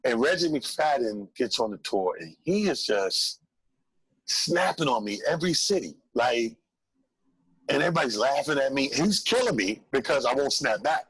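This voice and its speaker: A man, a comedian telling an animated story on a call-in show, acting out voices. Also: medium pitch, normal speed, husky, no echo, low-quality recording. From Brooklyn, New York. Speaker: comedian guest.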